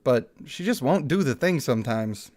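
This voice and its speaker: A man's voice: medium pitch, expressive, normal speed, a little mellow. A young man casually commenting on a mobile game and reading its story aloud, jokey and laughing often.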